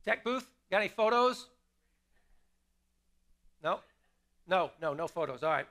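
A man's voice: high-pitched, animated, measured pace, fairly bright tone. A middle-aged man preaching to his congregation as pastor, talking with them in a conversational way, asking questions and repeating key lines for emphasis. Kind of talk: sermon. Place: church sanctuary.

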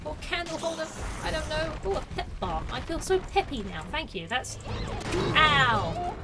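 Woman streamer, high bright voice, playful running commentary with yelps, game music under her. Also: wildly swooping pitch, normal speed. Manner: playful, exclaiming, joking to herself. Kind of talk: live gameplay commentary.

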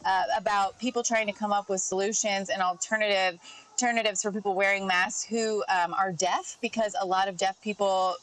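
A woman's voice: medium pitch, steady tone, brisk, a bit bright, poor audio. A woman guest on a television lifestyle show, casually walking through a list of gadgets and reading product details with her own offhand asides. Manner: chatty, informal, reads product notes with asides. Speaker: tech segment guest. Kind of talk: casual TV segment chat. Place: TV studio.

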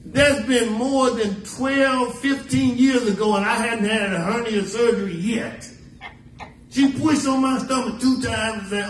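A man's voice: very high-pitched, steady tone, unhurried, slight background noise. A man preaching a sermon as pastor, mixing folksy stories and dramatic quoted lines. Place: church sanctuary. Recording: echoey church recording from a distance.

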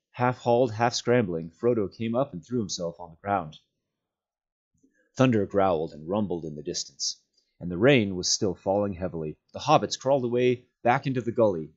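A man reading a novel aloud as a volunteer, with steady, measured storytelling. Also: on the low side. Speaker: volunteer reader. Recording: dull lo-fi sound.

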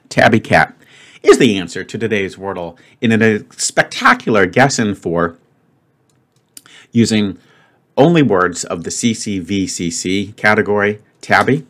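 A man's voice: lowish voice, very animated, measured pace, fairly bright tone. A man casually talking through a word puzzle as the host of his video, chatty and upbeat, thinking aloud with lots of fillers. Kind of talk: casual commentary while solving a puzzle.

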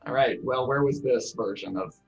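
A man in his twenties answering trivia questions in casual chat, thinking out loud with a self-deprecating manner. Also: medium pitch, moderate pace, creaky, lo-fi sound, soft background music.

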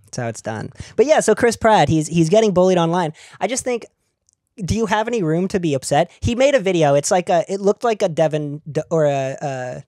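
A man's voice: high-pitched, expressive, brisk, a little mellow, no echo, studio quality. A man co-hosting a comedy podcast in a loose, rambling way, full of fillers and restarts and laughing mid-thought. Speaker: podcast co-host. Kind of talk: casual comedic chat.

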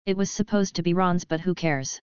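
A calm young wizard boy with a wry edge, as a woman narrator reads him. His voice sounds smooth and fairly low, and it is recorded dry with a slightly dull, lo-fi tone. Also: fairly quick, no echo, lightly acted.

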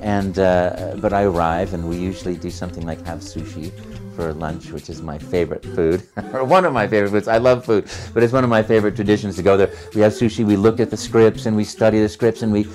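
Voice actor guy telling stories, lower voice, very animated, acts out all the dialogue, faint music underneath. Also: a little fast. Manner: animated storyteller acting out dialogue. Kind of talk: interview anecdote.

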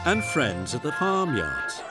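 A man narrating a children's cartoon story in an expressive storytelling manner. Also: mid-range voice, slow pace. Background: music.

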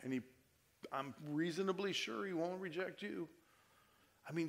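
A man preaching a sermon to his church, moving between quiet appeals and loud emphatic stretches and asking his listeners direct questions. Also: high voice, moderate pace, gravelly, pauses often. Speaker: pastor. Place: church service before a congregation.

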